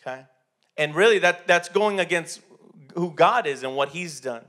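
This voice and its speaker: A man's voice: on the high side, animated, normal speed, fairly bright tone. A man preaching a sermon in a church, talking conversationally with many restarts and repeated words. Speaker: pastor.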